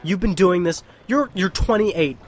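A man's voice: high-pitched, measured pace, voice pushed up. A man voicing a worried middle-aged parent lecturing a grown son.

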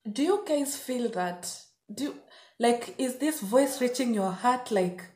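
A woman's voice: a little high, animated, a little slow, a little mellow, faint music behind. A woman hosting her own reaction vlog, talking in an effusive, gushing way. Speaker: reaction video host. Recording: roomy echo.

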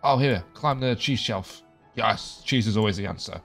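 A man's voice: on the low side, moderate pace, vocal fry, a bit bright, faint music behind. A young man casually commentating his video game play, joking and reading the game's dialogue aloud. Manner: chatty, jokey, reads game dialogue aloud. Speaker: gaming video creator.

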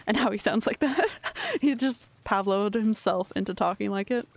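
A woman's voice: mid-range voice, a little fast. A young woman streaming a video game, chatting casually and rambling, swearing freely and poking fun at herself. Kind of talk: casual gameplay commentary.

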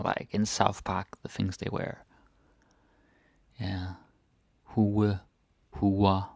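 A man teaching a casual Danish vocabulary lesson. He repeats each word slowly and drops to murmured asides. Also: on the low side, gravelly, no room sound.

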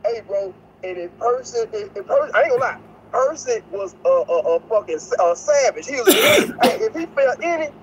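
A man's voice: extremely high pitch, very animated, normal speed, background noise. A man joining a live stream by video call, talking in an emotional, stammering way and repeating himself. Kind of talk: casual live stream chat.

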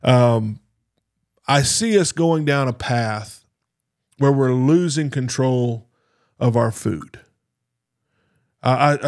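A man's voice: medium pitch, darkish tone, dry recording, clean studio sound. A man hosting a podcast, talking in a blunt, earnest monologue and repeating words when he stresses a point. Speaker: podcast host.

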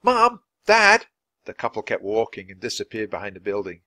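A man reading a children's chapter book aloud clearly and expressively at a natural pace. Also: fairly low pitch, little pitch movement, quick pace, no echo. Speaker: storybook reader.

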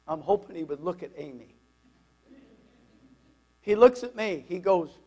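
A man preaching a sermon as a pastor, telling a personal story in an animated, conversational way. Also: high voice, unhurried, pauses often, slightly rough, low-quality recording.

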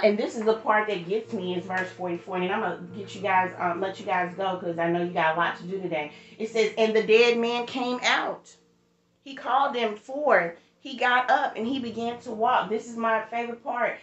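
A woman's voice: mid-range voice, a bit bright, roomy sound, dull audio. A woman leading a livestreamed morning devotional, preaching with rising emphasis and greeting viewers in the chat by name. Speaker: church devotional leader.

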